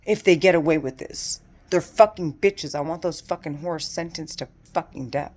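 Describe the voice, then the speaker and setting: A woman's voice: sits low, normal speed, darkish tone. A distressed woman giving an angry, profane, repetitive monologue to camera, recorded at home in her condo. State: distressed and agitated. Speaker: vlogger.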